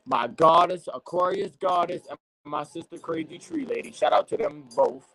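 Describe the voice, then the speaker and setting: Gravelly podcast host, fired-up preaching. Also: male voice, high voice, wildly swooping pitch, moderate pace, poor audio. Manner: preachy, rising to impassioned shouting and cursing. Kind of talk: casual podcast monologue.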